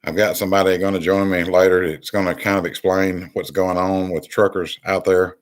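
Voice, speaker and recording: Deep, low-pitched male host; exasperated, rambling commentary delivery. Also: level tone, normal speed. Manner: rambling, many ums and restarts, exasperated. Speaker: channel host. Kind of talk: political commentary monologue.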